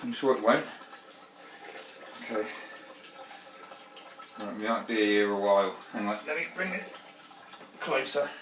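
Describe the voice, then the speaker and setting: A man's voice: lowish voice, expressive, measured pace, long pauses, fairly bright tone. A man chatting casually and swearing as he works through a home brew day, talking straight to his viewers. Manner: chatty, sweary, prone to exclamations. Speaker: home brewer. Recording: roomy, distant mic, faint background noise.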